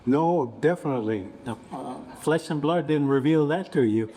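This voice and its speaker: A man in his seventies, a bishop on a panel, telling a story in an unhurried, reflective way. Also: on the high side, crowd noise. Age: 70s. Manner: unhurried, reflective, acts out quoted voices.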